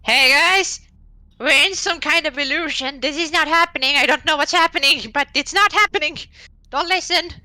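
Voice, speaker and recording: A woman voicing her adventurer, who shouts an urgent warning to the party. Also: high-pitched, normal speed, no room sound, voice pushed up.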